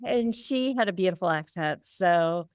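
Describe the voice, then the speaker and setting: A woman's voice: fairly low pitch, expressive, unhurried, darkish tone, smooth, no room sound, clean studio sound. An American woman co-hosting a podcast, playful and laughing often as she interviews guests. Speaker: podcast co-host.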